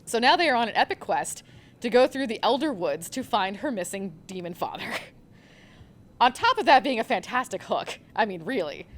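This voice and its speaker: Gushing young woman on a panel. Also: a little high. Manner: gushing, rambling with fillers. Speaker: manga librarian panelist. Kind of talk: live convention panel talk.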